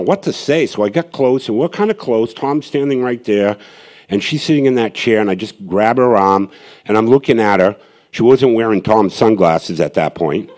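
Speaking to a gathered crowd, a man who preaches on the street gives his testimony in a darkish, mid-range voice. His telling is earnest and rambling, full of restarts and side remarks.

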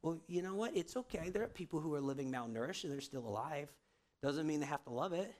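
A man's voice: a little high, lively intonation, fast, darkish tone. A man preaching a sermon in a casual, conversational way, often checking in with the congregation. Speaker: pastor.

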